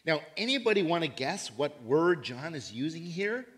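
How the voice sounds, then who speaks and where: A man preaching a sermon in church, animated and emphatic, repeating key phrases and acting out imagined listeners. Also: fairly high pitch, normal speed. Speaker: pastor.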